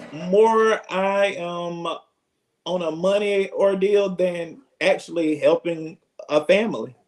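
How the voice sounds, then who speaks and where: A man's voice: high-pitched, a little mellow, poor audio. A man with an Alabama accent, answering interview questions about his work as a businessman in funeral service, earnest and reflective.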